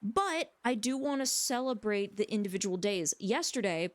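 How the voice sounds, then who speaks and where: A woman's voice: medium pitch, expressive, normal speed, dry recording. Rambling, joking woman streamer. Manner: rambling, joking, talks to chat. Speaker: livestreamer. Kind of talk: casual stream chat. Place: home room.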